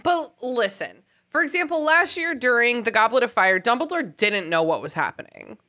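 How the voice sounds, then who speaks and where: A woman's voice: a little high, animated, normal speed, sharp tone. A woman hosting a casual podcast, talking animatedly and with exasperation, laughing often. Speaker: podcast host.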